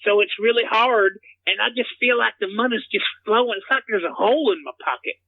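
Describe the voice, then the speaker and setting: Guy doing a gravelly dimwit bit, rambly and stumbling, kinda muffled audio. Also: sits high, fairly quick, slight background noise. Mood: scolding. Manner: stumbling, repeats words, drawling. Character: rambling dim-witted man, scattered and clueless. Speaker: comedian doing a character bit.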